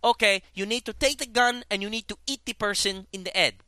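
A man's voice: sits high, a little fast, a crowd in the background, pitched above the performer's own voice, lightly acted. A man mimicking a male military trainer from a game who drops his H's in an exaggerated accent. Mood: instructive. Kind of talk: mocking impression of game voice acting.

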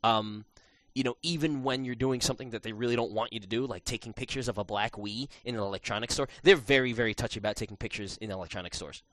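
A man hosting a podcast, telling an animated story in casual chat, with many restarts and fillers. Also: medium pitch, fast, no echo. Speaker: podcast host.

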